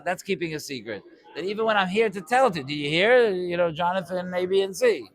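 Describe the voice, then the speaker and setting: A man giving an informal Torah class to a live audience, conversational and acting out quick bits of dialogue. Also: fairly high pitch.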